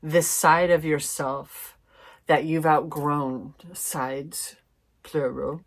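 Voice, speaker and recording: A woman with a low voice reads tarot cards for her viewers, talking unhurriedly. Her delivery is chatty and informal, with mild swearing. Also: takes it slowly. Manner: chatty, swears mildly, laughs, addresses viewers as fam. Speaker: tarot reader. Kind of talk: casual intuitive tarot reading.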